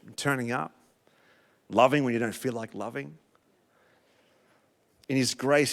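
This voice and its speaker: A middle-aged man with an Australian accent preaching a sermon, telling a personal story with emotional, animated delivery and big swings in loudness. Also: mid-range voice. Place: church.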